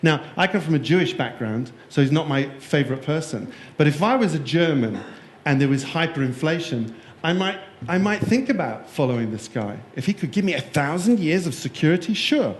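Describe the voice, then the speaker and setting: A man's voice: fairly high pitch, lively intonation, a little fast, few pauses. A man giving a conference keynote, jokey and playful, quizzing the live audience in the room. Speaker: keynote speaker. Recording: echoey room.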